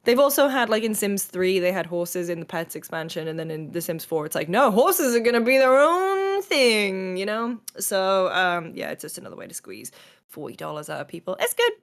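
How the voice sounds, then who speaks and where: Woman co-host; chatty, lively, ranting with a smile. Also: lowish voice, fairly quick, vocal fry. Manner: chatty, animated, cheerfully ranting. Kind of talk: casual chat.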